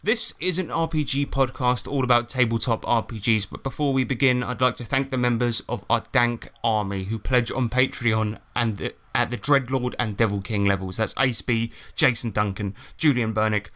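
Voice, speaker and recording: A man in his thirties from England hosting a tabletop game podcast in casual chat, jokey and quick to laugh, reading listener comments aloud. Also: mid-range voice, a bit bright. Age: 30s. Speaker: podcast host.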